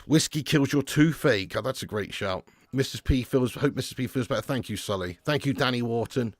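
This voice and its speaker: Here a man runs a live football watch-along stream: he skims viewer comments casually and then swears and shouts as the match develops. His pitch is medium and his delivery brisk, with clean studio sound and no room sound.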